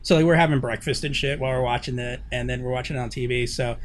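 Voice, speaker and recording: A man's voice: medium pitch, fairly even intonation, quick pace, a little hiss or hum. A man co-hosting a podcast, rambling in casual banter and laughing often. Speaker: podcast co-host.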